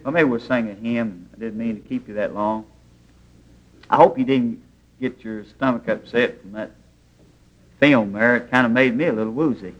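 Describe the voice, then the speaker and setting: A man's voice: mid-range voice, moderate pace, long pauses, muffled recording. A man preaching a sermon in a church, telling stories in plain, homespun grammar. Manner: folksy storytelling preaching, plain rural grammar.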